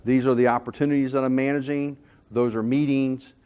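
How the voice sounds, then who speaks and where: Guy giving a sales talk, jokey and animated, pokes fun at himself. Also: mid-range voice, fairly quick, smooth. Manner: animated, jokey, self-deprecating. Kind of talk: storytelling presentation.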